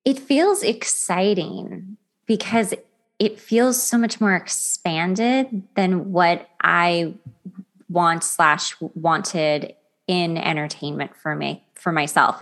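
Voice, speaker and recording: A woman with a lowish voice, hosting a podcast. She talks in a relaxed, open way and repeats affirmations after her guest. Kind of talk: casual podcast conversation.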